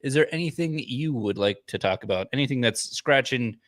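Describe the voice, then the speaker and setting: A man's voice: medium pitch, animated, brisk. A man co-hosting a casual podcast, talking in a laid-back, dry way. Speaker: podcast co-host. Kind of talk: casual chat.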